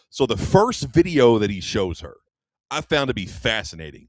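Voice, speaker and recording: In a radio studio, a male co-host casually rambles through a movie's plot, acting out the characters' lines. His mid-range voice swings widely in pitch at a moderate pace, with no echo.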